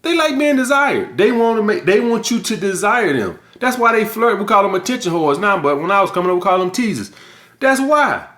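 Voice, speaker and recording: A middle-aged man with a voice that sits high hosts a vlog, giving his viewers a blunt, casual talking-to laced with heavy profanity and forceful emphasis. The sound is reverberant.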